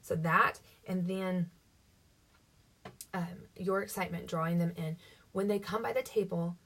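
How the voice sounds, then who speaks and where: A woman's voice: fairly low pitch, fairly even intonation, measured pace, a bit bright. A woman coaching her sales team in a casual, upbeat teaching talk, often acting out what to say to customers. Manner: chatty, upbeat, acts out sample dialogue. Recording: voice somewhat distant from the mic.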